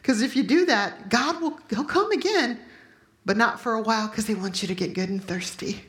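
A woman in her fifties giving a sermon with personal testimony to a room of listeners, emotional and loudly acting out her own prayers. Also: a little high, expressive, moderate pace, roomy sound. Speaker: speaker at a Christian gathering.

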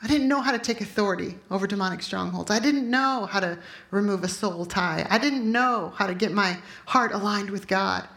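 A woman in her fifties giving a sermon with personal testimony to a room of listeners, emotional and loudly acting out her own prayers. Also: medium pitch, fairly quick, creaky, echoey room. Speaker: speaker at a Christian gathering.

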